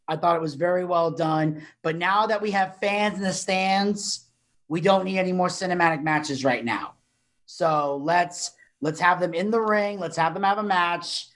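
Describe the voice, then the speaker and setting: A man's voice: high voice, a bit bright. A man co-hosting a casual podcast, chatty and explaining his picks at length. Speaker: co-host.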